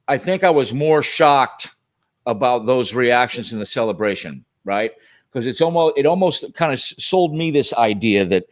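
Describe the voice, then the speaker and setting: Man talking heatedly as a podcast guest. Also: mid-range voice. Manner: animated, heated, many restarts. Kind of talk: casual political chat.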